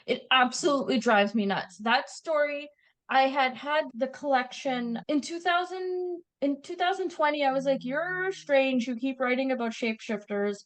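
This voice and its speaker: Animated Canadian woman, high voice. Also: moderate pace, poor audio. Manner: animated, laughing storyteller. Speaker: guest author. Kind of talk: casual interview chat.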